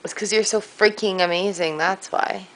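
Bubbly, excitable woman vlogger. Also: mid-range voice, moderate pace, slight background noise, rough recording. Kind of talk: casual vlog chat.

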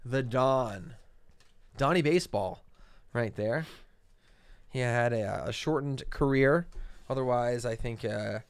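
Male co-host, casual and chatty, smooth clear voice, dry close mic. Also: medium pitch, takes it slowly, pauses often, no room sound. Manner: easygoing, lots of fillers, names cards aloud. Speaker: co-host opening card packs. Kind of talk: casual chat.

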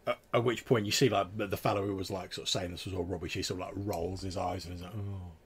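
A man narrating a tabletop game as game master, softly and with many fillers. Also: steady tone, fast talker. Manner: soft, low-key narration with many fillers.

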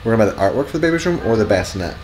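A young man vlogging in casual chat at night, relaxed and joking. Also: on the low side, racing.

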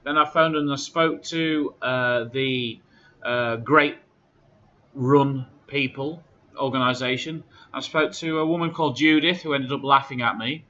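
A man's voice: mid-range voice, measured pace, pushed and bright, highs cut off. A man giving a casual vlog update, aggrieved as he recounts phone calls with indignant quotes. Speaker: charity runner.

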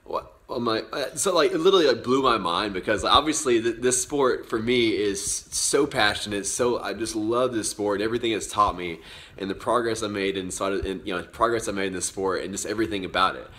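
Earnest young man with a bright voice. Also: fairly low pitch, fairly quick. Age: 20s. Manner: earnest, rambling with many restarts. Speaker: vlogger. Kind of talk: motivational vlog talk.

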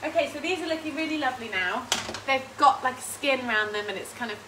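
A woman's voice: high voice, expressive, fast talker, sharp tone, a little hiss or hum, rough recording. A woman, hosting a casual home cooking stream, chatting and rambling with frequent laughs while reading out viewer comments. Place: home kitchen.

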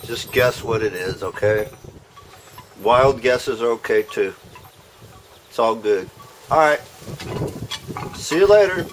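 A man with a lowish voice hosts a casual outdoor barbecue vlog at his backyard smoker, folksy and jokey, talking to both the viewers and the food. He speaks slowly with long pauses against a noisy background.

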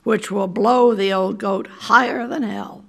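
An older woman voicing a mild, sly middle-aged male clerk who speaks calmly and deadpan, read from a storybook. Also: mid-range voice, a little slow, vocal fry. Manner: calm and deadpan.

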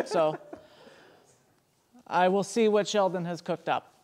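A man playing as a game show contestant, relaxed and joking. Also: high-pitched, slow. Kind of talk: casual chat.

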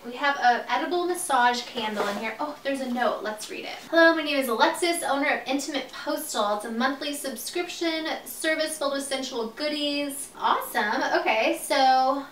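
Bright, gushing young woman vlogging. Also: high-pitched, normal speed, few pauses, recorded from a distance. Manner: gushing, giggly, chatty. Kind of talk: casual unboxing vlog. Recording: roomy, off-mic, faint hiss.

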